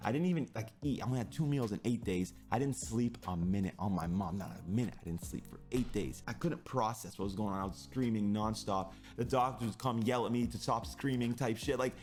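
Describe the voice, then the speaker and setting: A man's voice: fairly low pitch, a little fast, few pauses, darkish tone, faint music behind. A young man who streams, telling a personal story in an intense, rambling way that is full of swearing.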